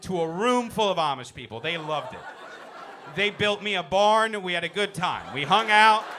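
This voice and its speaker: A man performing a stand-up comedy set in a comedy club, talking loosely and dropping into quick character voices. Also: high-pitched, pushed and bright, slight background noise. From born in a Muslim-majority country. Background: audience laughter.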